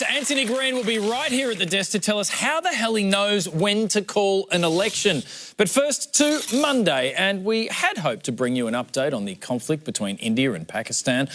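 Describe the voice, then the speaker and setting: A man's voice: high-pitched, noisy background. A man with an Australian accent hosting a satirical news comedy show, delivering jokes in a dry, mock-serious way. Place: TV studio with audience.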